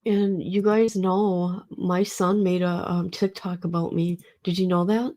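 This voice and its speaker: A woman's voice: fairly low pitch, level tone, unhurried, warm tone. A middle-aged woman, grieving, talking casually and emotionally to her livestream chat. She rambles and swears. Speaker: livestream host.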